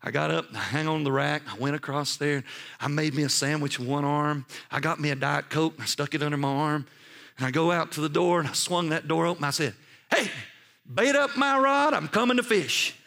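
This is a middle-aged man, preaching in a storytelling style. His voice sits somewhat high for a man, and he is folksy and animated, breaking into shouts at the big moments. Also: a little fast, gravelly. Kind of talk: storytelling sermon.

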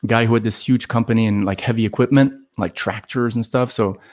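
Male guest from Los Angeles, animated storyteller who acts out quotes and leans on fillers. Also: lowish voice, brisk. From Los Angeles, USA. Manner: animated, acts out quoted voices, heavy "like" and "you know" fillers. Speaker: podcast guest. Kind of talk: conversational storytelling.

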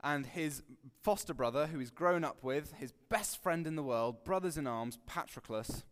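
A man giving a relaxed, conversational sermon, joking and acting out quotes with sudden loud bursts. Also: a little high, normal speed. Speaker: preacher. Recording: long hall reverb.

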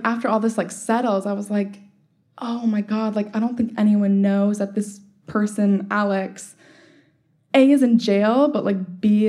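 A woman's voice: medium pitch, warm tone. A young woman telling a personal story in a casual, chatty way, full of "like" fillers and wry laughs. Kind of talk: storytelling monologue.

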